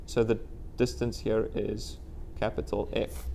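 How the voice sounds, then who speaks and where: A man's voice: lowish voice, little pitch movement, unhurried, creaky, dark tone. A man giving a live university lecture, quizzing the class and letting out playful whoops. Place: lecture room with students.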